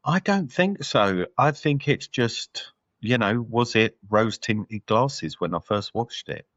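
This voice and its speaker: A man's voice: mid-range voice, animated, takes it slowly, a bit bright, no room sound, highs cut off. A man co-hosting a podcast, chatting casually about a film and thinking aloud with lots of fillers. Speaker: podcast co-host. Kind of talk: casual film review chat.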